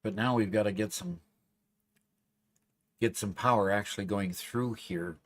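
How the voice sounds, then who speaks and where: A man with a fairly low voice chats while playing a video game with a friend. He thinks aloud, restarting his sentences as he works through problems in the game. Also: measured pace, no room sound. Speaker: co-player. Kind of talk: casual gaming chat.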